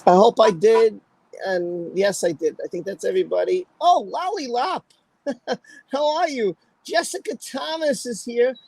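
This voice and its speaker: A man's voice: extremely high pitch, measured pace, creaky, a little mellow, slightly rough, dry recording, poor audio. Man hosting a live stream, dry sound. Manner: chatty, greets viewers one by one. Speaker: livestream host. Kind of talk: casual livestream chat.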